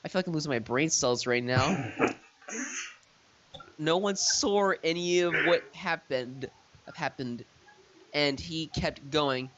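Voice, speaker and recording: Young guy reading dumb fanfic out loud, slow, kinda high voice, trips over typos. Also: lo-fi sound, noisy background. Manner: laughs through reading, stumbles over misspelled words. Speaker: reader of a fanfiction. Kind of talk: comedic dramatic reading.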